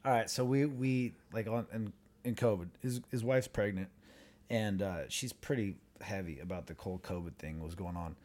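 A man's voice: fairly low pitch, normal speed. Swearing man telling a wild story. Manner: swears heavily, laughing, animated storyteller. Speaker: podcast co-host. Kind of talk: casual storytelling.

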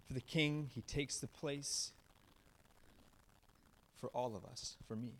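Male pastor, mid-pitched voice, sermon delivery that swings between emphatic highs and hushed lows. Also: slow pace, slight background noise. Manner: animated storyteller, swings from raised emphatic lines to low hushed ones.

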